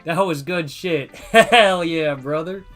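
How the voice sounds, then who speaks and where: A man giving loud, joking, profane commentary as a gaming streamer playing a game. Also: fairly high pitch, takes it slowly, faint music behind. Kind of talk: casual let's-play commentary.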